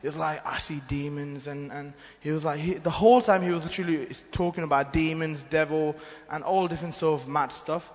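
A man's voice: fairly high pitch, steady tone, a little fast, hardly any pauses, faint music behind. A man giving an earnest, rambling church testimony, often restarting his sentences. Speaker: mission team member giving testimony. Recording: long hall reverb.

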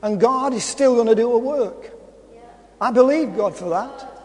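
A man preaching a sermon, storytelling and impassioned, often rising to shouts. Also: very high voice, unhurried. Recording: hall reverb.

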